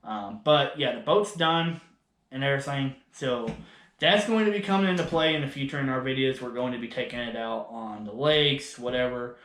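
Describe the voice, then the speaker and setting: A man's voice: mid-range voice, normal speed, fairly bright tone. A man co-hosting a casual podcast, talking in a laid-back way and laughing often. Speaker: podcast co-host. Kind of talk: casual chat. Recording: echoey room.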